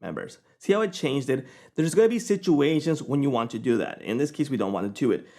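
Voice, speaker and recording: A man giving a casual, chatty screen-recorded software tutorial, often checking in with the viewer. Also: mid-range voice, lively intonation, fast talker. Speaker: software reviewer.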